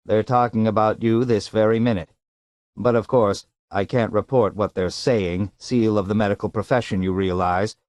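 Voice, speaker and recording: Male reader playing a tinny robot psychiatrist in a suitcase, prim and touchy, higher than his narrating voice, very dry sound. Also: steady tone, normal speed, darkish tone, dry recording, lightly acted. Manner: prim, fussy, huffy.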